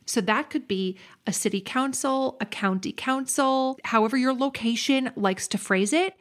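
Woman host giving clear practical advice. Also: sits high, moderate pace. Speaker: podcast host answering listener questions. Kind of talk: explanatory casual talk.

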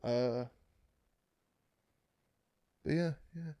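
A man's voice: mid-range voice, extremely slow, mellow, dry recording, clean studio sound. A young man co-hosting a podcast in casual chat, laid-back and crude in his banter. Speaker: podcast co-host.

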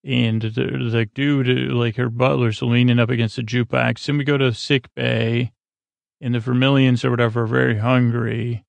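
A man hosting a podcast, casually recapping an episode in a low-key, meandering way, full of fillers and restarts. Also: flat delivery, moderate pace, gravelly, no room sound. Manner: low-key, sleepy delivery.

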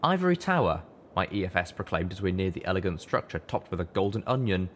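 Man, low voice, audiobook narrator, steady first-person storytelling. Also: quick pace, slight background noise. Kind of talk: audiobook reading of fan fiction.

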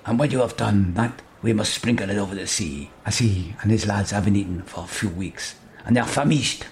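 A man voicing a learned male translator figure, speaking low, quiet and measured in a comic story. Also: a little hiss or hum, lightly acted. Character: learned grown male sailor-translator, calm and matter-of-fact.

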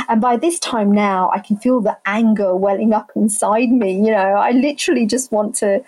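A middle-aged woman tells her own story with animated emphasis. Her voice is mellow and soft-edged, with a slightly husky grain. She puts on the voices of the people she quotes. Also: mid-range voice, moderate pace, few pauses, low-quality recording. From England. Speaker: family carer telling her story. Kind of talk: personal storytelling in conversation.

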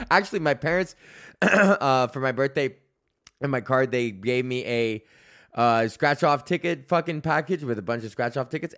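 A man's voice: mid-range voice, fairly bright tone, clean tone. A man hosting his own podcast, ranting solo in a profane, rambling way that keeps interrupting itself. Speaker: podcast host. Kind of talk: solo comedic rant.

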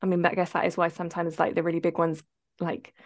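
A woman's voice: fairly low pitch, completely flat delivery, fast talker, no echo, clean studio sound. A woman co-hosting a podcast, telling stories in a chatty way full of fillers and laughter. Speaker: podcast co-host. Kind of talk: casual interview chat.

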